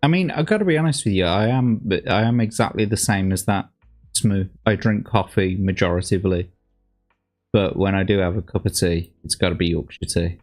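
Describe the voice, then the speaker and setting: A man's voice: deep voice, brisk, darkish tone, soft background music. A man casually commenting on a livestream, rambling and sweary with plenty of slang. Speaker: streamer reacting to old adverts.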